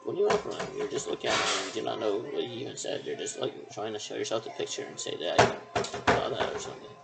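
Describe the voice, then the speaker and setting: Gravelly man rambling in circles. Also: on the low side, lively intonation, fast talker, very noisy. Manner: repetitive, circling, hesitant. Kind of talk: rambling monologue.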